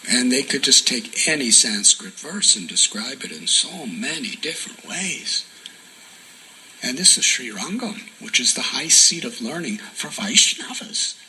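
A man giving a sermon as a devotional story, soft-spoken and often dropping to a near whisper for emphasis. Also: mid-range voice, animated, unhurried, a little hiss or hum, rough recording. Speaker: spiritual teacher.

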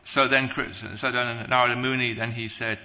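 A man preaching a devotional sermon, halting, with many restarts and pauses. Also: mid-range voice, level tone, pushed and bright, in a large hall.

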